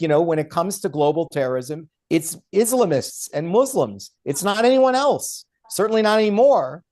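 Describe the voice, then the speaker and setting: Pitched high and swinging widely up and down, this man's slightly mellow voice moves at a moderate pace with few pauses. He's the guest author and law professor on a podcast, arguing emphatically and mimicking others in mocking quoted voices.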